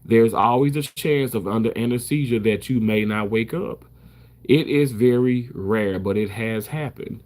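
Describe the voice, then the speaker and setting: A man's voice: medium pitch, unhurried, darkish tone. A man who works as a surgical first assist, talking casually to the camera in an emphatic way, repeating himself and swearing freely.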